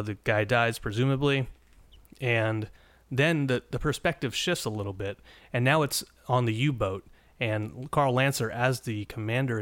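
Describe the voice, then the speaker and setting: Male podcast host, casual and rambling, average pitch, dry close recording. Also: a bit bright, no echo. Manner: rambling, many restarts and fillers. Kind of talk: casual episode recap.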